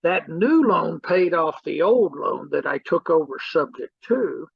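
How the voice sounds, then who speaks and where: Gravelly high-voiced man telling a story. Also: expressive, unhurried, no room sound, lo-fi sound. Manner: storyteller who acts out quoted people, repeating "he goes". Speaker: real estate mentor. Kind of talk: anecdotal teaching talk.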